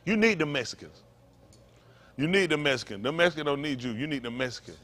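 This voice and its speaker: A man preaches to his congregation with fiery emphasis. He repeats his points and slips in mocking asides. His voice sits high and swings widely from phrase to phrase. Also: animated, fast, fairly bright tone. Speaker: pastor.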